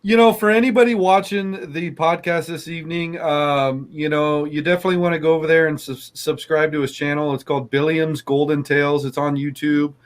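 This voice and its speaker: A man's voice: fairly high pitch, fairly even intonation, a little fast, few pauses. A man hosting a casual podcast interview, effusive and full of um and uh fillers. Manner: effusive, many fillers, repeats praise. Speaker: podcast host.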